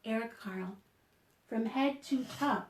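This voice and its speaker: High, slow-paced storytime librarian woman. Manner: animated and encouraging, with gasps of surprise and prompts to join in. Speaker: children's librarian. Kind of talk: online storytime reading picture books to children. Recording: roomy echo.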